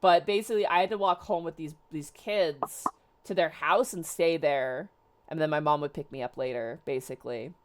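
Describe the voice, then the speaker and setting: A young woman with a low voice tells a story in casual chat. She rambles, restarts her sentences and leans on filler words. She talks as a streamer host. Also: moderate pace, noisy background.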